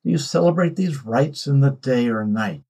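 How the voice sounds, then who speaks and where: A man voicing an arrogant young king who mocks, threatens and shouts. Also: mid-range voice, expressive, moderate pace, gravelly, pitched above the performer's own voice. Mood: angry, mocking.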